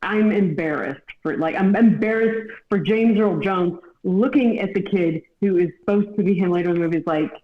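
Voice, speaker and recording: Male co-host, high voice, echoey lo-fi call audio, rambling and emphatic. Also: moderate pace, hardly any pauses. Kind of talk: casual group chat over a video call.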